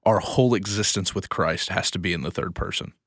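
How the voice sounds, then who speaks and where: A man's voice: deep voice, brisk, husky, no echo, studio quality. A man co-hosting a church podcast, agreeing often and laughing as he reflects on scripture. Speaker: podcast co-host, church leader. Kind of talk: casual chat about scripture.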